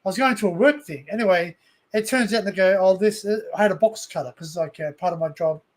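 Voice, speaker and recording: An Australian man with a notably high speaking voice tells rambling stories full of asides in a loose, unscripted chat he hosts. He talks into a desktop mic on a streamed call. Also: quick pace. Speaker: live stream host. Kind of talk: casual group chat. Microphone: desktop USB mic on a stream call.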